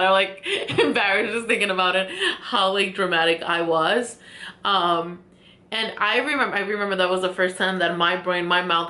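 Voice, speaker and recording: Young woman, vlogger, chatty story while doing makeup, bright voice, giggly, echoey room. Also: mid-range voice. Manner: animated, laughs often, many fillers. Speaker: beauty vlogger.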